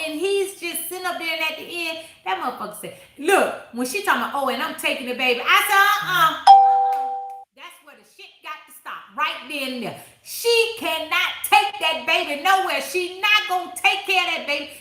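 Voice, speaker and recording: Woman, book club host, high-pitched, ringing bright tone, blunt and profane, casual chat, echoey room. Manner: blunt, profane and animated, answering viewers mid-sentence.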